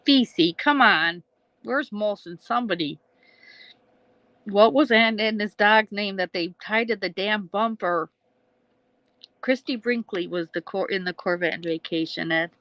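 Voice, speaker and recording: A woman's voice: medium pitch, a little slow, no echo, highs cut off. Rambling woman chatting on a livestream. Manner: laughs often, swears, trails off mid-sentence. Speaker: livestream host. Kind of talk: rambling casual chat.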